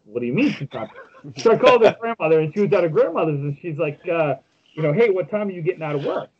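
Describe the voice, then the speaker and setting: A man's voice: high-pitched, animated, racing, dull audio. A man co-hosting a casual podcast, telling jokey stories with lots of fillers and restarts. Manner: joking storyteller with many fillers. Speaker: podcast co-host.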